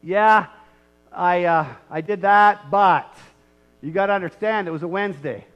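A man's voice: high voice, a little slow. A man voicing a sheepish guy who downplays his misdeed with lame excuses. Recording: muffled lo-fi recording.

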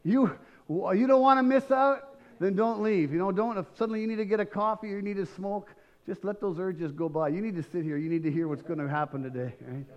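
A male pastor preaches a sermon in a fairly high voice. He is emphatic and swells into shouts, and he keeps checking in with his listeners with quick questions. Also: dull audio. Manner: emphatic, rising to shouts, asks the congregation questions.

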